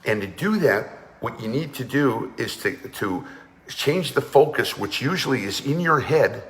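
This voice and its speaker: A man's voice: medium pitch, lively intonation, measured pace, fairly bright tone, big-room sound. A man leading a guided energy and breathing class, talking firmly and urging listeners to join in. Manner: commanding, urges listeners to participate. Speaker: energy awareness coach.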